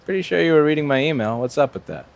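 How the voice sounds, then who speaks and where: A man's voice: fairly high pitch, animated, racing, creaky, background noise. A man in a repair workshop, explaining a circuit board fix live in a wry, profane way and talking to himself as he works. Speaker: repair technician.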